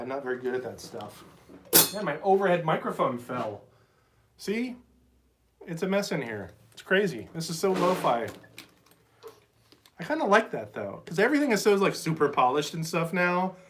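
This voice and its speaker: A man's voice: medium pitch, a bit bright, slight background noise. A man, a drum teacher, chatting casually on a live phone stream from a small cluttered drum shed, rambling and reading comments aloud. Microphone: phone mic.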